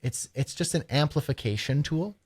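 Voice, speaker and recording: Animated Canadian man, casual co-host. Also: on the high side, moderate pace, slightly rough. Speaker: podcast co-host. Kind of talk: casual chat.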